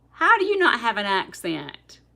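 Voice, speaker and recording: A woman's voice: on the low side, fairly bright tone. A woman with a South Louisiana accent chatting casually on a livestream, laughing often and talking straight to her viewers. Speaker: livestream host.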